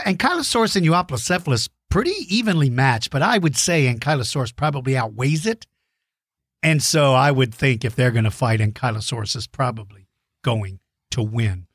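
A man's voice: medium pitch, animated, moderate pace, a bit bright, dry recording, clean studio sound. A middle-aged man hosting a children's dinosaur show, enthusiastic and encouraging, explaining things simply. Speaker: host answering kids' dinosaur questions. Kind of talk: friendly kids' show chat.

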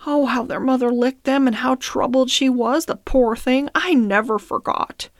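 A woman's voice: high voice, moderate pace, no room sound, clean studio sound, pitched above the performer's own voice. A woman voicing a fiery old male horse in a storybook reading, speaking indignantly. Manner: indignant, protesting.

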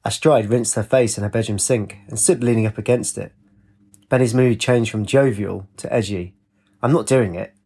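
A man narrating a story in a steady, even reading voice. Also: on the low side, moderate pace, breathy edge. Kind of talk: audiobook narration.

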